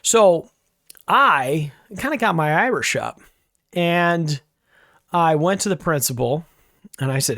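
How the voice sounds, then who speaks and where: A man's voice: on the high side, animated, slow pace, long pauses, sharp tone, dry recording. A man hosting a podcast, telling a rambling, chatty story with asides, in a dry close mic recording. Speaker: podcast host. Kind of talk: casual storytelling monologue.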